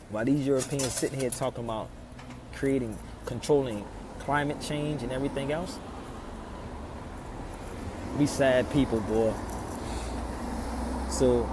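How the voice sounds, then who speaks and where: A man talking casually to his live stream viewers from outside in his old neighborhood, preaching, firing off rhetorical questions and swinging between loud and soft. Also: mid-range voice, background noise. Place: outdoors in a city neighborhood.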